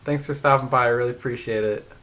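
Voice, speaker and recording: A man hosting a live painting stream, chatting casually and rambling with many fillers, in a fairly even tone. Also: medium pitch, fast. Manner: says his voice rarely goes up or down.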